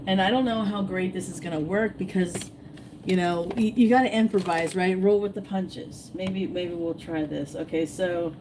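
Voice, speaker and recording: A woman hosting a casual fishing livestream, rambling and repeating herself, her voice going hoarse as she greets viewers. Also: on the low side, noisy background. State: losing her voice, clearing throat. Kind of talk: casual live-stream chat.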